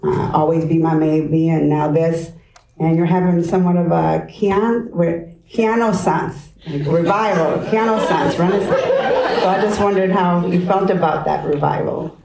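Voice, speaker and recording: Gravelly, low-voiced woman asking a question. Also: measured pace. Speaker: online reviewer asking a question. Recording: echoey room with faint noise.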